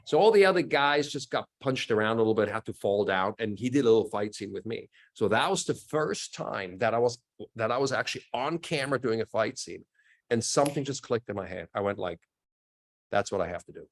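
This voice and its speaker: A man in his fifties, an action actor guest, telling stories in a lively way, acting out sound effects and often laughing as he talks. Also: lowish voice, a little fast. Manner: animated storyteller acting out quotes and sound effects. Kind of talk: casual storytelling interview.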